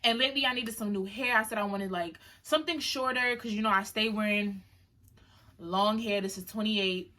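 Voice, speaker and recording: A young woman, chatting through a casual unboxing vlog in a slangy, animated storytelling manner. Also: mid-range voice, normal speed. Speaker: beauty vlogger.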